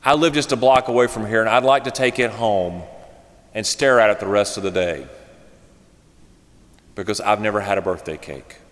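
A lonely, wounded woman approaching forty, speaking low and hushed with a pleading softness, as a preacher acts her out. Her voice hangs in the long reverb of a church hall. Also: normal speed, pauses often, natural voice. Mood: tender. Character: hurt, lonely middle-aged woman turning thirty-nine.

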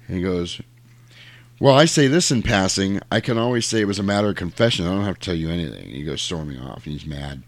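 A man with a fairly low voice chats casually on a podcast, retelling a film scene by scene. He slips into the characters' lines with lively energy. The sound is dry and close. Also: brisk, dry recording. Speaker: podcast co-host recapping a film. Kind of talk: casual chat.

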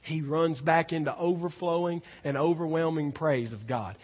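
A man preaches in a high, slightly husky voice, leaning hard on his points and then dropping low and quiet. The sound is dull and lo-fi with a long hall reverb behind it. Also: moderate pace, few pauses. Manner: emphatic preaching, swinging from loud exclamations to soft low lines. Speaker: pastor. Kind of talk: sermon.

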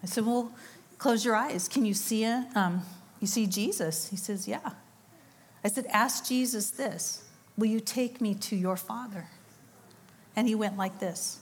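This middle-aged conference speaker preaches a sermon in a church or conference hall, relating a story full of quoted voices and laughing asides. She speaks unhurriedly in a mid-range voice with a breathy edge.

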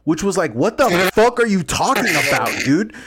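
A man's voice: high voice, moderate pace, breathy edge. A man co-hosting a podcast in casual chat, telling stories with lots of laughter and acting out the people he quotes. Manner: animated storytelling, laughs often, acts out quotes. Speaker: podcast co-host.

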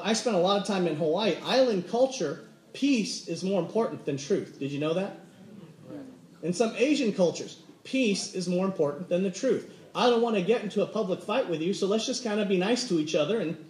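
High-voiced man preaching in echoey room. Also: moderate pace. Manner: lively storytelling, acts out everyday conversations. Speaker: pastor. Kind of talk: sermon. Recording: roomy echo.

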